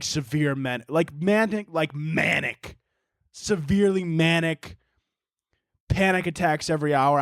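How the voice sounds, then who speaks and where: Man, podcast host, slightly high voice, dry close sound, rambling, swears a lot, laughs often. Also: no echo. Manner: rambling, profane, laughs often, mocking impressions. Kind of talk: casual solo podcast monologue.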